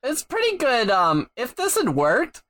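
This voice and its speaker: A man's voice: very high-pitched, huge pitch swings, a little slow, a bit bright. A man co-hosting a podcast in casual chat, wry and sarcastic, laughing often. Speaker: podcast co-host.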